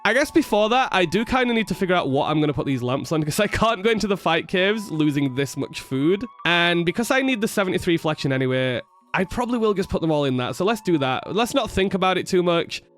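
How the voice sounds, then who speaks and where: Casting: man with a high voice, excitable and self-deprecating, commenting on his own gameplay over soft background music. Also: fast. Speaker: gaming video creator.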